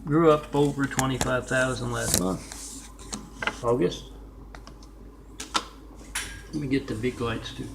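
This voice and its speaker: Man, mid-pitched, gravelly, rambling vlog talk, self-promoting, spells out addresses. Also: fairly even intonation, slow, pauses often, background noise. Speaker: artist vlogger.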